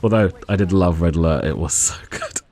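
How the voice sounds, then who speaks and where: A man's voice: deep voice, a little fast, a little mellow. A man, co-hosting a casual gameplay critique show and dryly teasing his co-host while explaining tactics. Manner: dry, teasing critic who lectures on tactics.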